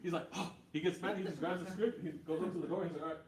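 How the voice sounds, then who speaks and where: A man's voice: sits high, fairly even intonation, very fast, darkish tone. A young man speaking casually as a community organizer, full of fillers and "right?" tags. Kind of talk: casual talk and Q&A. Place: university meeting room. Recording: echoey room, far from mic, faint noise.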